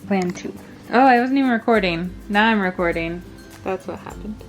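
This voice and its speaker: A young woman co-hosting a casual home vlog, relaxed and easygoing. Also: mid-range voice, normal speed, faint music behind. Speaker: vlogger. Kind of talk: casual chat.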